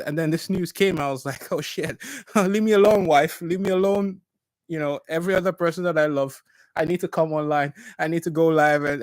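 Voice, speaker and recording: A man hosting a podcast, giving casual political commentary in an excitable way, laughing often and stumbling over repeated words. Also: medium pitch, no room sound. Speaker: podcast host. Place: at home.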